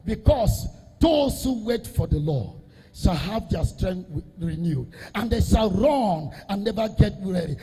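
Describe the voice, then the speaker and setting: A man, a Catholic priest, preaching an emphatic sermon that repeats phrases and swells into half-sung, shouted lines. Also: high voice, very animated, measured pace, husky, big-room sound, faint music behind.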